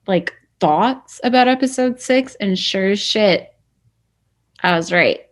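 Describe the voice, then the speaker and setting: A woman's voice: medium pitch, slow. A woman co-hosting a casual review show who tells things chattily, with lots of "like" fillers. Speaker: podcast co-host.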